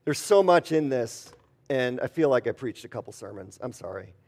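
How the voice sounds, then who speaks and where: A man's voice: medium pitch, expressive, normal speed, gravelly, darkish tone. A man preaching an earnest sermon as pastor, telling stories and acting out quotes. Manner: earnest, storytelling with acted quotes.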